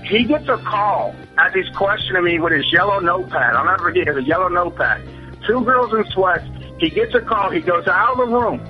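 A caller phones into a radio show with an emotional story, telling it in a rambling, profane way that keeps circling back on itself. His voice is high and animated, fairly quick, with faint music behind it and dull phone-call sound over the radio.

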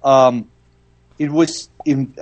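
A man's voice: medium pitch, fairly even intonation, very slow, darkish tone. Agreeable man with a light Mexican accent. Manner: agreeable, hesitant, repeats himself. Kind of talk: casual chat.

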